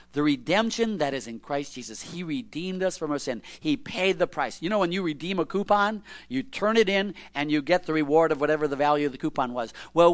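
Lively high-voiced preacher man. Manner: conversational, asks rhetorical questions; reads scripture aloud and explains it. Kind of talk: sermon, Bible teaching.

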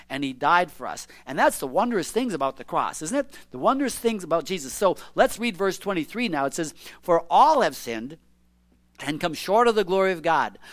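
A man preaching a sermon, reading scripture aloud and explaining it in a conversational way, with frequent rhetorical questions. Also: high-pitched. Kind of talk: sermon, Bible teaching.

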